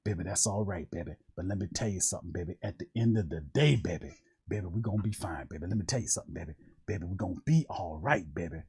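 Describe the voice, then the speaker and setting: A man voicing an old-school reverend, who drawls slowly and low and calls everyone baby. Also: a little mellow, husky, heavily acted. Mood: preachy. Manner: slow, low preaching drawl repeating "baby".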